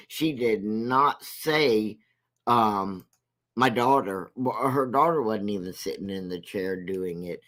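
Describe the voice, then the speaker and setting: Slow-talking man hosting a livestream. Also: mid-range voice, lively intonation, fairly bright tone. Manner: slow, drawn-out, repeats himself for emphasis. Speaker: livestream host; military veteran. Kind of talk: casual livestream commentary.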